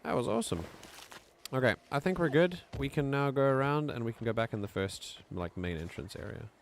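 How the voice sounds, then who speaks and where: A man with a South African accent giving casual, excitable commentary while streaming a video game. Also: medium pitch, a little fast, gravelly, a little hiss or hum. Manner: excitable, chatty, laughs often.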